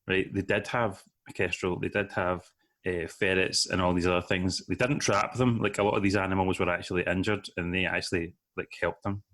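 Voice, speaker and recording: Low-voiced man hosting a podcast. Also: steady tone, fairly quick, a bit bright. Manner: chatty, self-deprecating storyteller. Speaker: podcast host. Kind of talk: casual comedy podcast chat.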